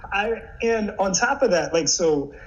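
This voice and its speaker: A man from the American South talks quickly and eagerly as a podcast guest. His voice sits a bit high. The sound is slightly dull and muffled. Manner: fast-talking, excitable, laughs often. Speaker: guest, robotics entrepreneur. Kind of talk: casual conversational interview.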